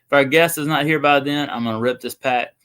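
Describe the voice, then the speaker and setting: A man's voice: medium pitch, steady tone, fairly quick, fairly bright tone, clean tone. A young man, hosting a casual livestream and rambling to viewers. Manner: rambling, chatty, talks to viewers. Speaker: livestream host.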